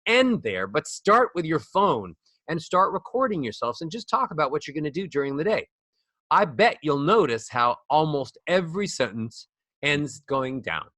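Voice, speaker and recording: A man teaching as a voice coach guest on a podcast, animated and demonstrating rising and falling speech melodies. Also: on the high side, normal speed, no room sound. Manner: demonstrates speech melodies with sung-up acted examples. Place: studio.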